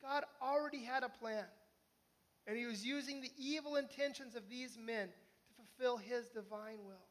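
A man's voice: extremely high pitch, normal speed. A man preaching a conversational sermon, often asking his listeners questions. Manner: conversational, animated, asks the listeners. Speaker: pastor.

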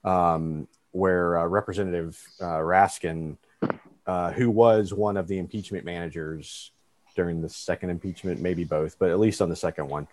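A man's voice: low-pitched, steady tone, moderate pace, no room sound. A man co-hosting a casual debate podcast, talking animatedly, acting out quotes and swearing freely. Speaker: podcast co-host.

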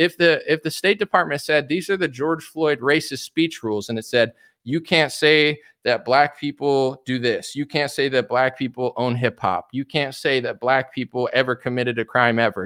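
With a mid-range voice, a young man rants heatedly about politics as a commentator. His delivery is animated and repetitive, occasionally slipping into put-on voices to mock people.

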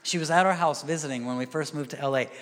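A man's voice: fairly high pitch, fast talker. Man preaching in a reverberant hall. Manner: conversational, swings from hushed asides to loud emphatic bursts. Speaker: pastor. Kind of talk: sermon.

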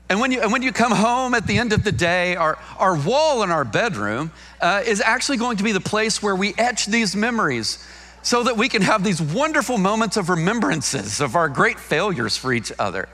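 Lively, bright-voiced male pastor preaching. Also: sits high, brisk. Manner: conversational, jokey storytelling with emphatic repeats. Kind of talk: sermon.

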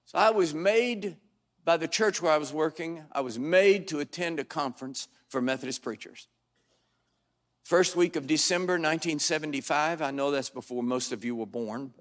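Older male preacher; wry, dramatic storyteller, fairly high voice, punches up key lines. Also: moderate pace. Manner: wry, dramatic storytelling with sudden loud bursts. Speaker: pastor. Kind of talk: storytelling sermon. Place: church sanctuary before a congregation.

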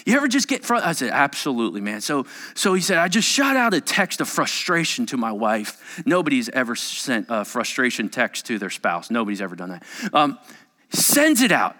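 Pastor, middle-aged man, lively sermon delivery, bright ringing voice. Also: mid-range voice, moderate pace. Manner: animated, acts out quotes in varied voices.

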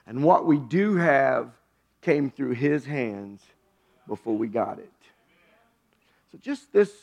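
A man preaching a sermon as pastor, moving from low hushed phrases to loud high exclamations. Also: animated, takes it slowly, gravelly, dull audio.

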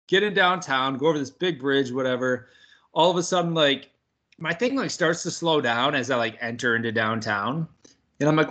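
A young man tells a story in loose podcast chat, cursing freely and laughing along. His voice is bright and pushed forward. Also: fairly high pitch, fairly quick. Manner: animated, swears often, laughs through the story. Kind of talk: casual storytelling.

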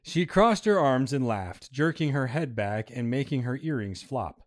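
Guy reading a story out loud, dramatic, lots of pitch swing. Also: lively intonation, moderate pace. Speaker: story reader.

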